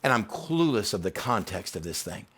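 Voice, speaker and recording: A male teaching pastor delivering a sermon, telling stories in an animated way. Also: fairly low pitch, normal speed, slightly rough. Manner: animated, storytelling.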